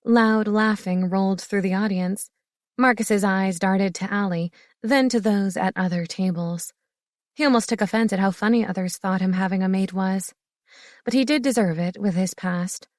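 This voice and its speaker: A woman reading an audiobook narration in a steady, expressive way. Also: medium pitch, no room sound, clean studio sound. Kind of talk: scripted narration.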